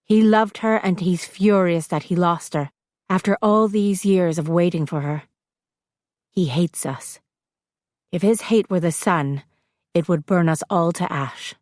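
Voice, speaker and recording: A woman narrating a first-person audiobook in a measured, reflective way. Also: fairly low pitch, darkish tone, no room sound, clean studio sound.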